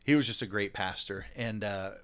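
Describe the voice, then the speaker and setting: A man, a pastor hosting a podcast, talking in animated, rambling casual chat with frequent laughs and fillers. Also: lowish voice, normal speed, clear, resonant tone.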